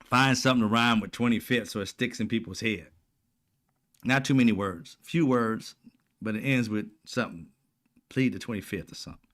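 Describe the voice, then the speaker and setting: A man's voice: lowish voice, normal speed, a bit bright. A man hosting casual political commentary, talking bluntly with profane slang and a mocking, sarcastic edge. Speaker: commentary channel host.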